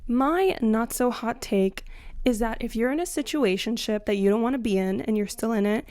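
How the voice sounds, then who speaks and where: A young woman ranting to camera about dating, blunt and sarcastic, swinging between loud outbursts and muttered asides. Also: on the high side, normal speed. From Latina. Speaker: comedic commentary host. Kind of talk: scripted comedic rant to camera.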